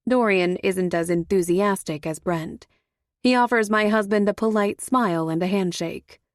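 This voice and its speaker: A woman reads a first-person thriller in a measured voice with a wry edge. She is recorded on a close mic with a dry, dead sound and no room around her. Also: mid-range voice, dry recording. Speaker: audiobook narrator. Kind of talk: first-person audiobook narration.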